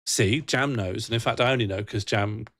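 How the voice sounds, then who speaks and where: A man's voice: fairly low pitch, normal speed, fairly bright tone. A young man chatting on a livestream, reading out chat messages and laughing often in a rambling, playful way. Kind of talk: casual live-stream chat.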